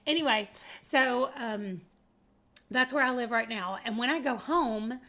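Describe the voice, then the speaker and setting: A woman's voice: a little high, unhurried, sharp tone. A woman from Arkansas with a Southern US accent, chatting casually to her viewers in a rambling way, laughing often and calling them y'all. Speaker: booktuber. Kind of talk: casual chat to camera.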